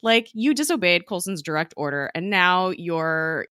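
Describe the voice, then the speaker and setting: A woman's voice: lowish voice, lively intonation, moderate pace, sharp tone, clean tone, dry recording, clean studio sound. A woman recapping a TV episode in casual chat, talking in a chatty, filler-heavy way and laughing often, recorded at home. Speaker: podcast co-host recapping a TV episode. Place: home office.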